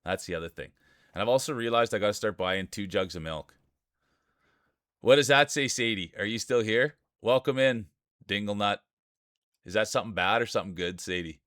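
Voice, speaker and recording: A man's voice: fairly low pitch, moderate pace, a bit bright, dry recording, studio quality. A man with a Canadian accent streaming live, greeting his chat by name and joking through marble race commentary. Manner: chatty, greets viewers by name, jokey.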